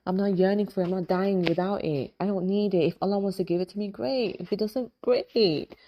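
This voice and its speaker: A woman hosting a faith-based motivational talk, animated and casual, often acting out inner dialogue. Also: mid-range voice, brisk, lo-fi sound, a little hiss or hum. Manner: casual, repetitive affirming delivery. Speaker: host, hypnotist and life coach.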